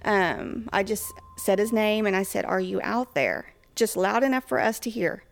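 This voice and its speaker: A woman recounts a ghost story in a relaxed, chatty way. Her voice has a gravelly, creaky edge, and she sits at a middling pitch. She keeps her talk loose, with plenty of fillers along the way. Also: normal speed. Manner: chatty, with frequent fillers and acted-out quotes. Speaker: guest telling a ghost story. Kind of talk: casual storytelling.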